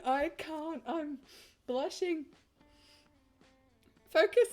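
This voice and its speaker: A woman, playing a game and reading its text aloud between excitable, swearing reactions, with faint game music behind. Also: high voice, slow, pauses often. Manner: excitable, giggly, swears often. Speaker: gamer.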